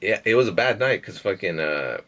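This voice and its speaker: A man's voice: on the low side, expressive, brisk, a bit bright, slight background noise. A young man, a podcast guest, telling a rambling, profane story in casual chat and laughing between phrases.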